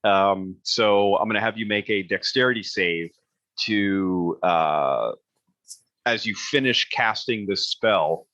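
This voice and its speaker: Bright-voiced man running a tabletop game. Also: lowish voice, dry recording, muffled recording. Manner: casual and halting, many fillers and restarts. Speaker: game master.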